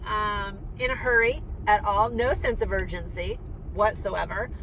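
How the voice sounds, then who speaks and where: A young woman chats to her viewers with eager, rambling enthusiasm, scattering ums through her story. She is recorded outdoors, and clear traffic noise runs behind her voice. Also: medium pitch, sing-song, normal speed, fairly bright tone, rough recording. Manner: chatty and enthusiastic, with many ums. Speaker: vlogger and rider. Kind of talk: casual chat to camera.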